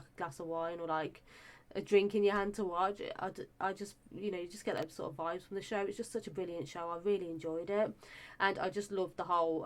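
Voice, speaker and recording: A young woman chatting casually and enthusiastically about a show she reviews, with lots of fillers and restarts. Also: lowish voice.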